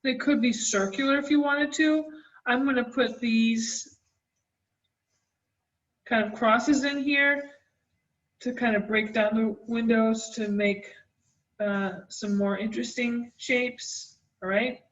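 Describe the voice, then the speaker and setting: A gentle woman art teacher walks young children through a drawing, speaking slowly and encouragingly in a slightly high voice. She sits back from the microphone, and the dull, roomy recording carries an echo. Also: steady tone, far from the mic.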